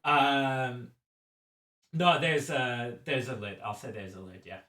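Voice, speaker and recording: A man narrating a tabletop game as game master, slow and halting, with many restarts. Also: medium pitch, bright, forceful tone, far from the mic. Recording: roomy echo, a bit off-mic.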